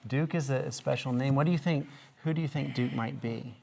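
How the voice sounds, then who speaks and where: A man's voice: medium pitch, brisk, creaky, a little mellow, slight background noise. A man teaching a reading lesson in a classroom, asking young pupils patient, encouraging questions.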